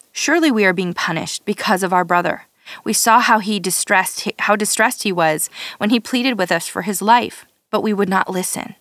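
A woman reading scripture aloud in a steady, measured way, now and then stumbling and restarting a word. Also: mid-range voice, no echo, studio quality. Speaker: scripture reader.

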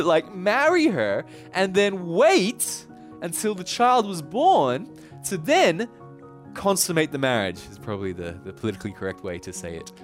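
A man preaching a casual, lively sermon, telling a Bible story with enthusiasm. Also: a little high. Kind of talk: conversational sermon.

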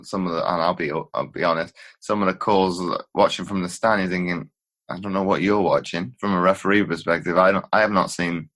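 Low-voiced male interviewer. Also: fairly bright tone. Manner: asks long rambling questions. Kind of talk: interview questions.

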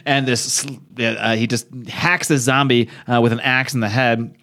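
A man's voice: mid-range voice, unhurried. Man animatedly recapping a comic. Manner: animated retelling, acting out character lines. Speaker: podcast co-host. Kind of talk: casual comic book recap.

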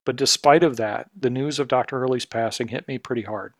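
A middle-aged man delivers a scripted podcast commentary, earnest and increasingly indignant. His voice sits at an ordinary pitch and is recorded close and dry, with no room sound around it. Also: brisk, vocal fry, no room sound. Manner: earnest and indignant, building to pointed outrage. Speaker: podcast host, healthcare consultancy CEO.

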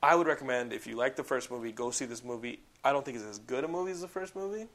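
He's a fast talker with a mid-range voice, co-hosting a podcast where he reviews films casually. Expect rambling, constant "like," and plenty of animated swearing.

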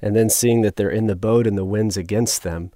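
Low-voiced man explaining scripture thoughtfully. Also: fairly even intonation, brisk, dark tone, no room sound, clean studio sound. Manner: explanatory, reflective. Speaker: Bible study participant. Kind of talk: Bible study discussion.

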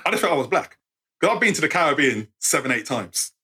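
A man in his fifties with an English accent, a guest telling animated stories in a casual interview. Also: fairly high pitch, fast talker, husky. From England. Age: 50s. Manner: animated, acts out voices in anecdotes. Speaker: guest storyteller.

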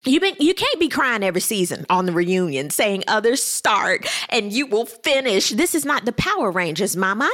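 A woman's voice: mid-range voice, normal speed, few pauses. A woman casually recapping a reality TV reunion to camera, sassy and talkative, calling people girl and honey. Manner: sassy, animated, addresses viewers as girl and honey.

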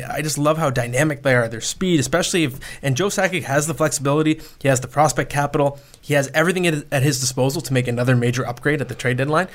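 A man's voice: mid-range voice, fairly bright tone. A man in his thirties co-hosting a sports podcast, giving opinionated takes with frequent self-corrections. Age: 30s. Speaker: podcast co-host. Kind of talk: casual sports talk.

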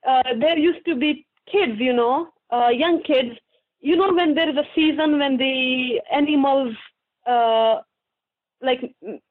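A woman's voice: sits high, measured pace. A young woman answering interview questions earnestly and from the heart, often restarting her sentences. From Pakistan. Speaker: guest author. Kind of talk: interview answers over a remote line. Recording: tinny phone-like line.

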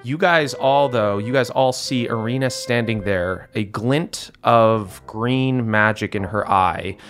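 Спокойный мужчина-ведущий настольной игры. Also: male voice, medium pitch, takes it slowly. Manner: relaxed, descriptive, frequent fillers. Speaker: game master. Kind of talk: narrating a tabletop game. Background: soft background music.

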